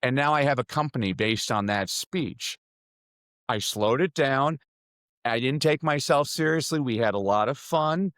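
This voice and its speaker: A middle-aged man, a speaking coach, telling stories energetically as a podcast guest, his voice jumping up in pitch. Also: moderate pace, no echo. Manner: energetic storyteller with sudden jumps in pitch. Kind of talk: podcast interview answers.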